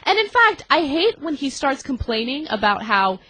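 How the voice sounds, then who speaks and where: A woman's voice: high voice, big pitch swings, moderate pace, sharp tone, dry recording. A female talk show co-host arguing her point with emphatic opinion commentary. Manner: emphatic, argumentative.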